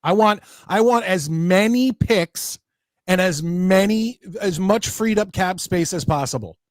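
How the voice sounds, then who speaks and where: A man's voice: high-pitched, a little slow, dry recording, studio quality. A man hosting a casual sports talk show, reading viewer comments aloud and ranting with many restarts. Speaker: podcast host reading chat.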